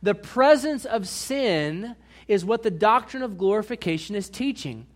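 High-voiced pastor preaching with emphatic swings. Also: male voice, lively intonation, unhurried. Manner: asks the congregation questions. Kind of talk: sermon.

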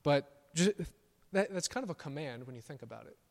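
A pastor preaching a sermon, emphatic on his declarations and softer on quiet asides. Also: a little high, animated, a little fast, vocal fry. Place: church sanctuary. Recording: long church reverb.

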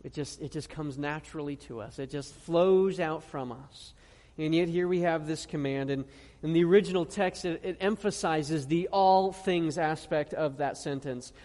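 A pastor preaching a sermon in an earnest tone. He asks the congregation questions and reads scripture slowly, stressing each phrase. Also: a little high, a little mellow. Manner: earnest preaching with rhetorical questions and slow emphatic scripture reading. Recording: long reverb of a large hall.

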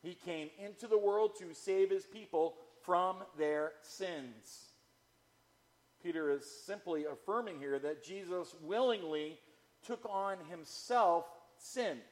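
A man delivers a sermon at an unhurried pace, repeating key phrases for emphasis. His voice sits slightly high for a man, with measured pauses between thoughts. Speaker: pastor.

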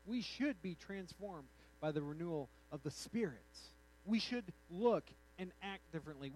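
Animated high-voiced man preaching a sermon. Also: a little hiss or hum, rough recording. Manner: animated, acts out quotes, conversational asides. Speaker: pastor.

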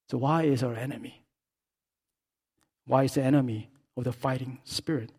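A man preaching a sermon as pastor, swinging between hushed, quiet stretches and loud, impassioned calls. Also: mid-range voice, steady tone, moderate pace, pauses often, breathy edge.

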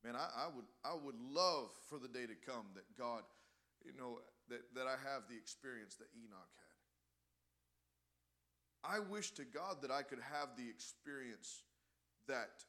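An unhurried, mid-range male voice delivers a fervent sermon. He regularly grows louder on important words and starts his phrases over.

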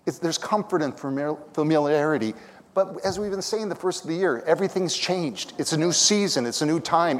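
A man preaching a sermon, telling stories, singing lines of worship songs and building to shouted calls. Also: a little high, a little fast. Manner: storytelling, sings lines of songs, rises to shouts. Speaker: pastor. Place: church sanctuary. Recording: long hall reverb.

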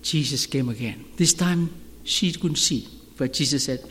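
Slow-talking male pastor in a reverberant hall. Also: medium pitch, slight background noise. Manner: animated storytelling, shouting at peaks. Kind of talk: sermon storytelling.

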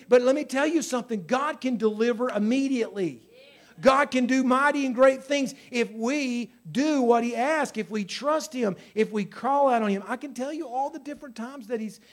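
A middle-aged pastor delivers a sermon in a fairly high voice for a man. He moves between loud, fervent exhortation and low, hushed storytelling. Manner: preaching with swings from shouting to hushed storytelling.

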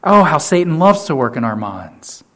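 A man preaching a sermon to his church, emphatic, often repeating key phrases and swinging from loud to quiet. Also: on the high side, sing-song, normal speed. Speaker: pastor.

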